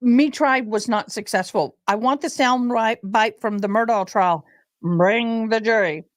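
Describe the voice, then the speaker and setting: A woman's voice: fairly high pitch, normal speed, dry recording, rough recording. A woman hosting a casual live commentary stream, chatty and teasing as she talks to her viewers. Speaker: livestream host.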